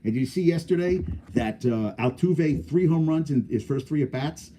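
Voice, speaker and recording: A man's voice: a little high, moderate pace, mellow, slight background noise. A man hosting a sports podcast, talking casually in a blunt, opinionated, rambling way.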